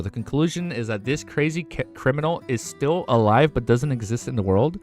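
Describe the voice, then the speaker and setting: Male streamer reading a novel aloud live. Stumbling delivery with excited, cursing asides. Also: mid-range voice, brisk, few pauses, soft background music. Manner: breaks off into excited, profane reactions; stumbles over words and rereads lines.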